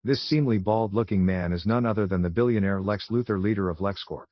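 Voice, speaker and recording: A low-voiced man narrates a fan fiction story in a plain, amateur reading, often tripping and restarting. The recording is dull and lo-fi, dry and close, with no room sound. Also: brisk, dry recording.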